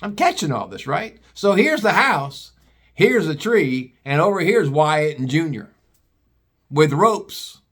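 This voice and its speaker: A man with a fairly high voice telling a story casually and vividly, with lots of swearing and mockery. He acts out the scene as he goes, like someone spinning a yarn for friends. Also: slow, breathy edge. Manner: animated, profane, mocking.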